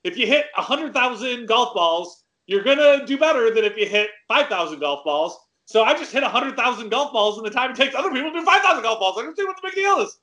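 Brash, rushing pro golfer, bossy rants, very high bright voice, played by a man. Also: lively intonation, heavily acted. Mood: ranting. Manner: yelling, exasperated, bossy ranting. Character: brash impatient adult male pro golfer, always rushing. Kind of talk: comedy sketch acting.

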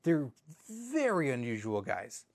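A man's voice: mid-range voice, huge pitch swings, slow pace, gravelly. Flustered stammering male sketch host. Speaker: show host. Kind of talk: comedy sketch interview.

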